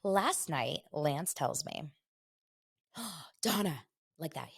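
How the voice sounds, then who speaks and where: A woman in her forties hosts a casual pop culture chat with a slightly low voice. She tells stories with animated, dramatic retellings of her own reactions, and sounds a bit stuffy from a cold. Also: takes it slowly, creaky, long pauses, slightly rough. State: has a cold. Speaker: host of a daily pop culture show.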